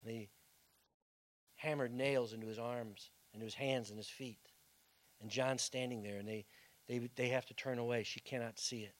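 A male pastor preaching a sermon as dramatic storytelling, swinging from loud bursts to hushed tones. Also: mid-range voice, steady tone, normal speed.

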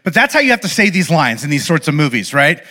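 A young man speaks to a live audience in an animated, playful way, regularly checking in with his listeners. His voice sits high for a man and sounds bright and forward, with a lot of pitch movement. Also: fast. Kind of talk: lively talk to a live audience.

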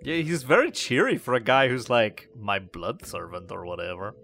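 A man playing his character in a tabletop game, wry and laid-back. His voice rises and falls in a lively way. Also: on the low side, normal speed, gravelly, soft background music. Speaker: player.

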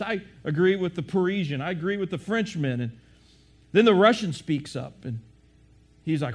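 Male preacher, high voice, questions the congregation, restarts a lot. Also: expressive, fairly quick, a bit bright. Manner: questioning the audience, repetitive restarts. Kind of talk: sermon.

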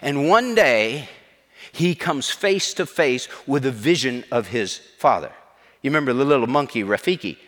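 Emphatic preacher in a big hall. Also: male voice, mid-range voice, animated, moderate pace, fairly bright tone. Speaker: pastor. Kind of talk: sermon.

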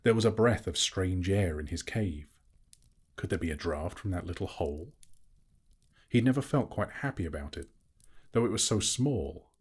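Man, audiobook narration, low voice, husky, measured and dramatic. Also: a little mellow. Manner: slow, measured and dramatic reading. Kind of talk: scripted storybook narration.

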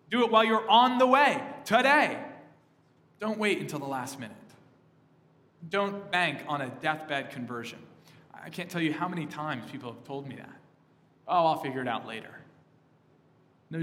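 Emphatic preaching man in a reverberant hall. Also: high voice. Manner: emphatic preaching, surging louder on key phrases and dropping soft on others. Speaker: pastor. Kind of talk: sermon.

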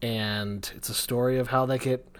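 A man's voice: mid-range voice, steady tone, moderate pace. Young male podcast co-host, casual and jokey, rambles a bit while chatting. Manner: jokey, rambling, self-mocking.

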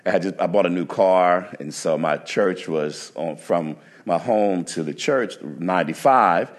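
A man with a fairly low voice preaches from the pulpit. He moves from easy storytelling into emphatic, rising preaching. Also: unhurried, few pauses. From New Jersey. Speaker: pastor. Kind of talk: sermon with anecdotes.

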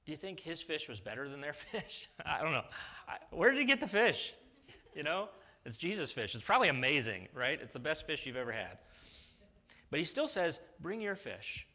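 A man's voice: a little high, big pitch swings, fairly quick, bright, forceful tone. A man preaching a sermon in a casual, conversational way, with restarts and sudden emphatic rises. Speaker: pastor.

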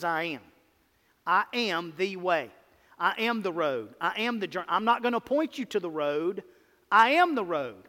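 Male preacher, high voice, emphatic repeating cadence, sanctuary reverb. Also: a bit bright. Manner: emphatic, repetitive preaching cadence with rhetorical questions. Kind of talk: sermon.

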